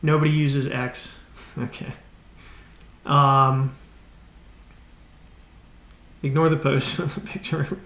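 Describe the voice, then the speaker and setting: A man's voice: mid-range voice, little pitch movement, slow pace, long pauses, fairly bright tone, reverberant. A man live-streaming his coding, ranting in a casual, exasperated way, swearing and restarting his sentences.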